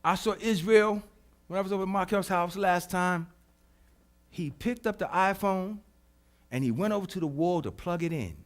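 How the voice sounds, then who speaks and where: A man preaching a sermon as pastor, swinging from hushed, soft lines to loud, emphatic repetition. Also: high voice. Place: church.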